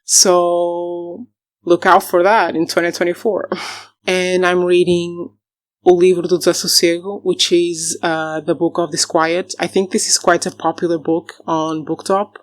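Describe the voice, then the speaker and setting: A woman with a slightly low voice chats through her reading pile in a casual book vlog. She is enthusiastic and laughs often, correcting herself mid-sentence as she goes. The sound is dry and close. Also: flat delivery, measured pace, no room sound. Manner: rambling, self-correcting asides. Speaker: book vlogger.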